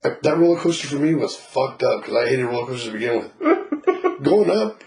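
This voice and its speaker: A man's medium-pitched, darkish voice has a sing-song quality and a normal speed as he gives a client a casual spiritual reading. He's blunt and swears freely, laughing often and acting out what people say. The recording is low quality.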